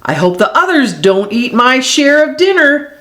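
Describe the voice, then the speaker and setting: A woman's voice: sits high, big pitch swings, a little slow, fairly bright tone, voice pushed up, full character voice. A woman voicing a nervous young male forest animal in a storybook, anxious and prone to calling out. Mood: hungry.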